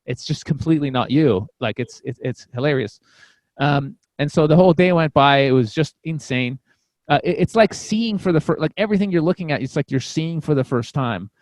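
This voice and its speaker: A man with a slightly high voice tells a long personal story on a podcast. He rambles, swears casually and keeps stopping to restart his sentences. The recording is close and dry, with no room echo. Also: animated, brisk, a little mellow. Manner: rambling, profane, frequent restarts. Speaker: podcast guest, comedian.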